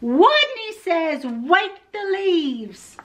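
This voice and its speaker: A woman voicing a shy little male rat who turns his r sounds into w as he slowly calls out commands in a storybook. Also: high-pitched, animated, a bit bright, lo-fi sound, full character voice. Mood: calling out.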